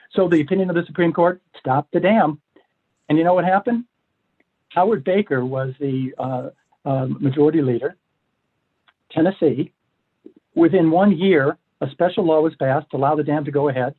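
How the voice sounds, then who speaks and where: Older man, husky voice over a phone line. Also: medium pitch. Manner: measured, many fillers and restarts. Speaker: guest, law professor. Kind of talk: explanatory interview talk.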